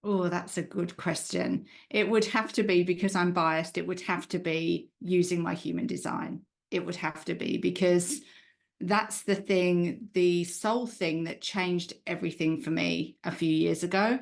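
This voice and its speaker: Guest, female, British-Australian accent, lowish voice, chatty storyteller. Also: fairly even intonation, unhurried, vocal fry. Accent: hybrid British-Australian. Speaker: guest, human design coach. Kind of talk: conversational interview answers.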